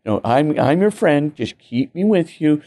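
A man's voice: on the high side, lively intonation, a little slow, mellow. A man voicing a clinging, wheedling male lizard demon that coaxes and pleads. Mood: pleading. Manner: pleading, coaxing.

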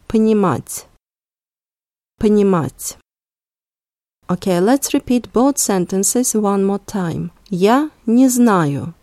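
A woman hosting a language podcast, saying words slowly and repeating them clearly for learners. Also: medium pitch, warm tone, no echo, studio quality. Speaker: language teacher, podcast host. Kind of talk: slow, clear language lesson with repetition.

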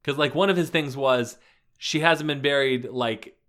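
A podcast co-host in a casual book chat, agreeing often and speaking in halting restarts. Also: mid-range voice, a bit bright. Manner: agreeable, frequent short affirmations, halting restarts.

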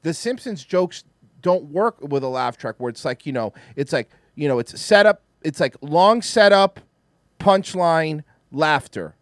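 Man, casual chat, animated, swears, dry close sound. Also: fairly high pitch, measured pace, dry recording. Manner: animated, swearing, acts out cartoon lines.

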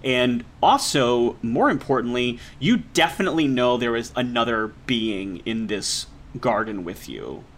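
A man acting as game master, narrating a tabletop role-play game and explaining the rules and scenes in a relaxed way. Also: mid-range voice, unhurried, few pauses. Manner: explanatory, laughs easily. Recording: remote recording.

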